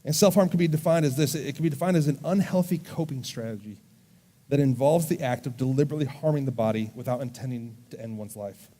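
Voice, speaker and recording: A male youth pastor with a mellow, warm voice preaching to students in a church service. His delivery is earnest and gentle, and he slows down when he reads scripture. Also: mid-range voice. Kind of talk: sermon to a student audience.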